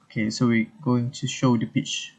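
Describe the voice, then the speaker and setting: A young man, a student presenting a screen-recorded software tutorial in a halting manner. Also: medium pitch, level tone, vocal fry. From Malaysia. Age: young adult. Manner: unhurried, halting, talks through on-screen steps.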